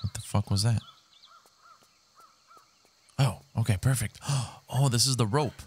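A young man giving excitable, swearing commentary while he plays a video game on a headset mic. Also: medium pitch, measured pace, husky. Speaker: gaming YouTuber. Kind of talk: live gameplay commentary. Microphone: gaming headset.

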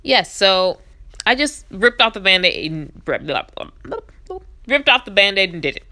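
A woman's voice: medium pitch, big pitch swings, slow, sharp tone, faint music behind. A woman in her twenties telling a story in a chatty, self-deprecating way while playing a game. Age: 20s. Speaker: gaming YouTuber.

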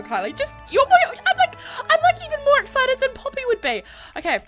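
A woman's voice: very high-pitched, brisk, faint music behind. Bubbly, squealing woman gamer. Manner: bubbly, gushing, squeals with excitement. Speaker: gaming video creator. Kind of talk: let's-play commentary. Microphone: USB condenser microphone.

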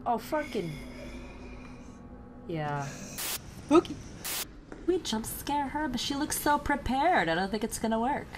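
A woman's voice: fairly high pitch, big pitch swings, slow, long pauses. A woman gaming streamer giving sarcastic, profane commentary while playing a horror game and shrieking at the scares. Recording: noisy home recording.

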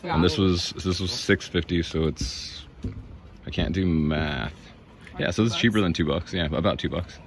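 A man talking casually as a travel vlogger, relaxed and rambling, a little tired, touring cafes and streets. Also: low-pitched, normal speed, crowd noise. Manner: relaxed, rambling, enthusiastic about food. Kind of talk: casual walk-and-talk vlog. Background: music.

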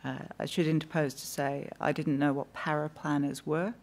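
A woman, giving formal testimony at a public inquiry and recounting a conversation in a measured, precise way with dry asides, on a desk microphone. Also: deep voice, steady tone, darkish tone. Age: 50s. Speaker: witness giving evidence. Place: hearing room of a public inquiry.

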